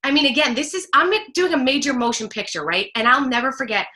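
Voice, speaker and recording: A woman from New Jersey, a guest telling an animated personal story, laughing often and acting out what people said. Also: high voice, fast. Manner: expressive, laughs often, acts out quotes. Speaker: guest, speaker.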